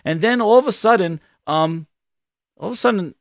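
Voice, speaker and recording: A man hosting a gaming podcast, telling a rambling, animated story in casual commentary. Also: high-pitched, normal speed, vocal fry, dry recording, studio quality. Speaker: podcast host.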